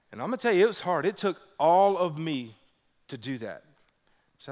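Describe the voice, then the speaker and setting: A man's voice: normal speed, long reverb tail. A man preaching a sermon as pastor, telling personal stories and acting out quotes with big swings in his voice. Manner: animated, acts out quotes with big pitch jumps.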